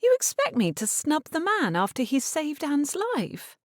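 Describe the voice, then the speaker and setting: A woman voicing an earnest, high young lady. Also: sing-song, a little slow, dry recording, studio quality. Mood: protesting. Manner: pleading, earnest.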